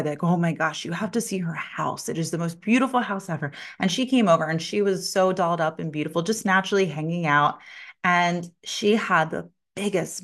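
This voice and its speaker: Middle-aged woman, podcast host, lowish voice, animated personal storyteller. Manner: animated storyteller, acts out quoted voices, laughs often. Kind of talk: personal storytelling and spiritual talk.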